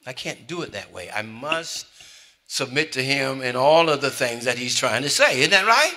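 A man preaching a sermon, calling out to the congregation and swinging between hushed asides and loud exclamations. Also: medium pitch, big pitch swings, moderate pace. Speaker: pastor.

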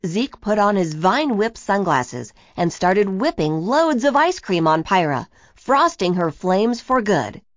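A woman reads a children's storybook aloud with expressive, animated delivery. Her pitch swoops and dances through the lines. The sound is dry and close. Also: measured pace, hardly any pauses, no room sound. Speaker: narrator.

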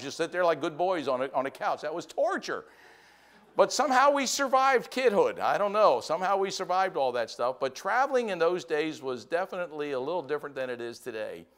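An older American man preaching a sermon as pastor, telling folksy stories with big swings in pitch and volume. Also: fairly bright tone.

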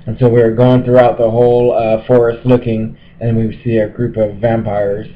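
A man's voice: mid-range voice, flat delivery, normal speed. A man recounting a story in casual chat, laughing often as he goes. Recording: muffled lo-fi.

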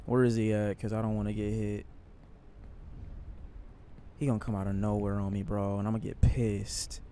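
A man streaming a climbing game live, talking to himself under his breath and then yelling when he nearly falls. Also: fairly low pitch, flat delivery, moderate pace, slight background noise. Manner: anxious, swings from muttering to shouting. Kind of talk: live gameplay commentary.

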